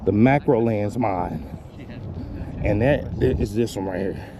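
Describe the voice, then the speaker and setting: A man's voice: lowish voice, measured pace, noisy background. Loose, rambling man on a park walk. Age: adult with kids. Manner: loose, rambling, profane, laughs at his own jokes. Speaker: vlogger. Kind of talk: casual walking vlog. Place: outdoors walking a lakeside park trail. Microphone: handheld phone camera.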